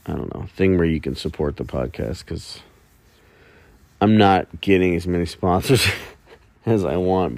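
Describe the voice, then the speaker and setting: A man's voice: a bass voice, darkish tone. A man hosting a solo podcast, rambling casually and mocking himself with jokey asides in the early morning. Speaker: podcast host.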